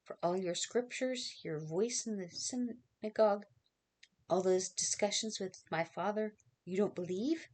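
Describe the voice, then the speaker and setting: A woman reading aloud as a frightened young girl, halting and pleading, in a dramatic reading of a novel. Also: medium pitch, a little mellow, lightly acted. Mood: anxious.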